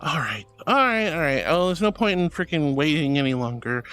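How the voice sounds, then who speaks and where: A woman's voice: sits low, animated, brisk, fairly bright tone, faint music behind. Playful, theatrical woman streamer. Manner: playful and theatrical, mock-indignant protests; affectionate greetings to chat. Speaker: streamer chatting with viewers. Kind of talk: casual live-stream chat.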